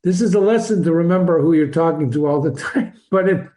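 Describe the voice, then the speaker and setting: An older man with a fairly high voice reads a classic novel aloud and pauses to explain it like a friendly teacher. He wanders into digressions and chuckles at his own asides. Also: dark tone. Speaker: reader and teacher. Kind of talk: reading a novel aloud with commentary.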